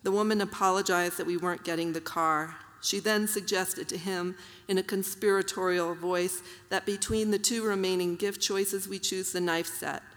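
Woman reading aloud in a reverberant hall. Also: on the low side. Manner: measured, even reading with soft fillers between passages. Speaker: author reading her work.

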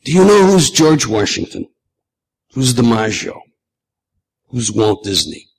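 A man reading aloud and voicing an old grandfather with a low, raspy voice, who lectures and teases about music. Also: big pitch swings, unhurried, heavily acted, low-quality recording. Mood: coaxing. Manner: teasing, lecturing.

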